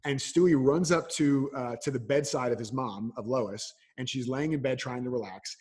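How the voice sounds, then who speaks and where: A man's voice: mid-range voice, moderate pace, husky. A man answering interview questions as a coach, telling stories and acting out little exchanges. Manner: animated storyteller, acts out voices. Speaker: coach, podcast guest. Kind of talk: casual interview conversation.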